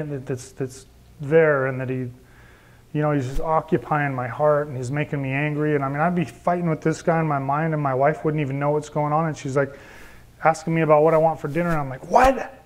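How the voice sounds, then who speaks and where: A man in his thirties, an evangelist, earnestly giving his personal testimony to a group, often dropping to quieter confessional asides. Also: on the high side.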